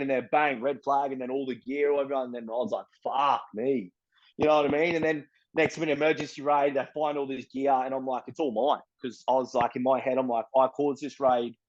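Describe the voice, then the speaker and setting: A young Australian man telling his story as an interviewee, blunt and profane, full of street slang and animated retellings. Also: medium pitch, lo-fi sound. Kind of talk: casual storytelling.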